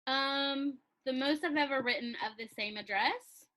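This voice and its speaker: A chatty young woman talks in a loose, laughing way, peppering her sentences with filler words. Her voice sits a little high and sounds bright and crisp. She comes across as a guest in a relaxed interview. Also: normal speed, poor audio. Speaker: calligraphy business owner, interviewee. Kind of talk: casual interview chat.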